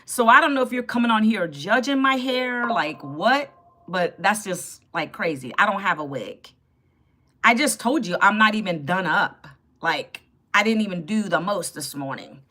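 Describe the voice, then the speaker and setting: A woman's voice: medium pitch, expressive, moderate pace, bright, forceful tone. A woman in her fifties hosting a casual live stream, chatty and sassy as she greets viewers by name and answers the chat. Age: 50s. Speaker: livestream host. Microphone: phone.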